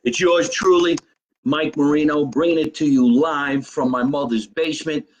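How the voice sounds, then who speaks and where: A man from New Jersey hosting a casual live podcast, talking in an animated way. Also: on the high side, moderate pace, low-quality recording. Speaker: podcast host.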